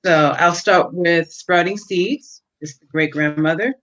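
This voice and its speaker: Reading from her own novel, this woman has a fairly low pitch with a slightly bright quality. She moves at a measured pace with a few fillers, and the lo-fi audio sounds dull.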